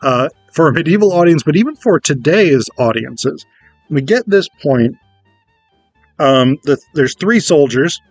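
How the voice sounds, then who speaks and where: A man giving a casual, animated lecture on theatre, chatty and casually profane. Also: on the high side, a little slow, no echo, soft background music. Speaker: theatre educator.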